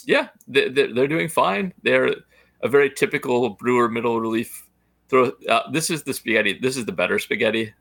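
A man's voice: medium pitch, normal speed, gravelly, fairly bright tone, dry recording. A man co-hosting a casual baseball podcast, blunt and opinionated, with many fillers. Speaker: podcast co-host.

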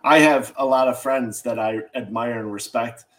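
A man's voice: mid-range voice, steady tone, moderate pace, fairly bright tone, low-quality recording. A man co-hosting a political talk show, speaking bluntly with open disgust and mockery.

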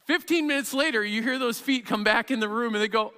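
Bright-voiced pastor preaching in a reverberant hall. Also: male voice, very high-pitched, brisk, few pauses, clear, resonant tone. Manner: animated storytelling, acts out parent and child. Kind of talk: sermon. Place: church sanctuary with long reverb.

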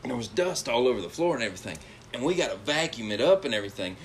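A man's voice: mid-range voice, very animated, racing, slight background noise. Laughing young man telling a story. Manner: rambling, laughs through the story. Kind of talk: casual storytelling.

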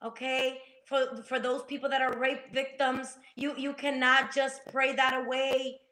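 A woman tells her faith story with a preacher's passion, her voice high and bright. Her words ring in an echoey room. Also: little pitch movement, a little slow. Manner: passionate, preacher-like, acts out quotes. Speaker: guest sharing testimony. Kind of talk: faith-based talk show conversation.

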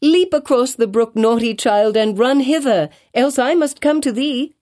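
A woman's voice: on the low side, lively intonation, measured pace, darkish tone. A woman reading an audiobook voices a troubled mother who calls out commands in a raised voice. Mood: commanding. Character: troubled grown mother, stern then sorrowful.

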